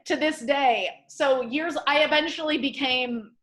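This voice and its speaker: Animated woman telling a wild story. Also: high voice, unhurried. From Michigan, Detroit area. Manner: animated storyteller, acts out quotes loudly. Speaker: comedian guest. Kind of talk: casual podcast storytelling.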